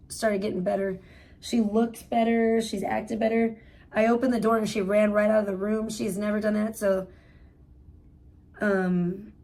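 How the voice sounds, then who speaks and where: A woman's voice: mid-range voice, darkish tone. A woman hosting a livestream, giving blunt, profane commentary in casual, rambling talk. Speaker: livestream host.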